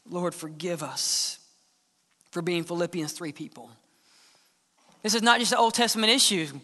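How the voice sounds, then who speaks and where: A man preaching a sermon as the church's pastor, earnest, sometimes dropping to a hushed tone to press a point. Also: sits high, moderate pace. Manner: earnest preaching, drops to hushed tones for emphasis. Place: church sanctuary. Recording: long church hall reverb.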